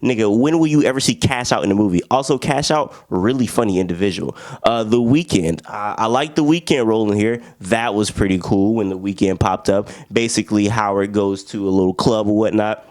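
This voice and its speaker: A man's voice: on the low side, a little fast, few pauses, darkish tone. A young man giving a casual, slangy film review. He is sleepy and a little sick, and he acts out the characters he quotes.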